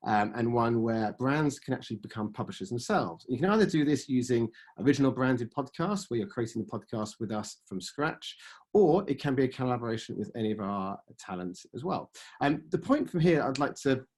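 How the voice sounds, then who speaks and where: A man in his forties giving a business presentation on podcast advertising, pitching products with frequent fillers and sentences that trail off. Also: animated, fairly quick, darkish tone. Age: 40s. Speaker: ad sales presenter.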